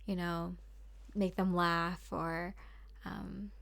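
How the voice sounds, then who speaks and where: A woman's voice: on the low side, flat delivery, very slow, gravelly, a bit bright. Chatty, rambling woman reading tarot. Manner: chatty and rambling, full of fillers and little laughs. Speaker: tarot card reader. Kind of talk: casual spoken tarot reading.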